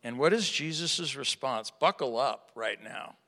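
A man preaching a sermon to a live audience, asking rhetorical questions and swinging from hushed to loud. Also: medium pitch, animated, a little slow. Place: large hall with an audience. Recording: reverberant hall.

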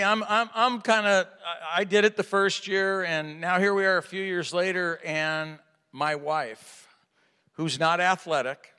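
Animated pastor preaching in a reverberant hall. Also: male voice, sits high, clear, resonant tone. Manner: animated storytelling, acts out dialogue. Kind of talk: sermon.

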